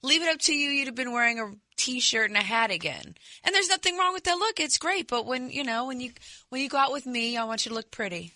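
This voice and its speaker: A woman's voice: high-pitched, animated, fast, bright, forceful tone, no room sound. A woman co-hosting a radio talk show, teasing and playful in casual banter. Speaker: radio co-host. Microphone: studio microphone.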